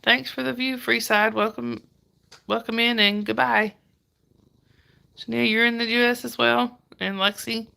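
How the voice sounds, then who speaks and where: A woman's voice: on the high side, fairly even intonation, unhurried, gravelly, long pauses, pushed and bright. A woman with a Southern US accent from Georgia, hosting a casual livestream and greeting viewers by name. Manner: chatty, greets viewers by name, laughs often. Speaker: livestream host. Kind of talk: casual live chat reading viewer comments.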